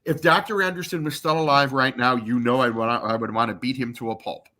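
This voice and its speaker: A man in his fifties, a podcast interview guest, telling a long personal story, acting out quotes and swearing freely. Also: quick pace. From Michigan. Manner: animated, acts out quotes with big pitch jumps.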